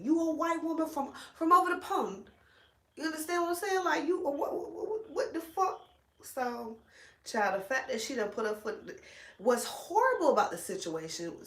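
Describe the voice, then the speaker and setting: A woman vlogger chatting casually while braiding her hair, animated, blunt and full of slang and cursing. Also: fairly high pitch, roomy sound.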